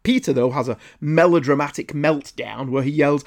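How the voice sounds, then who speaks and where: A man with a slightly high voice reads out a scripted review of old comic strips. His delivery is dry, and he slips in sarcastic asides as he recaps each scene. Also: moderate pace, creaky.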